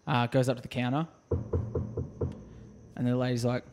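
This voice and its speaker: Australian male co-host, mid-pitched, rambling casual storyteller, swears a lot. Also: flat delivery, moderate pace, darkish tone, a little hiss or hum. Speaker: podcast co-host. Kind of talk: casual chat.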